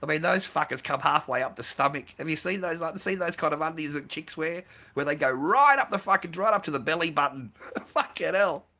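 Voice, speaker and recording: Crude, rambling man, bright voice. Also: a little high, lively intonation, a little fast. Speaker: streamer host.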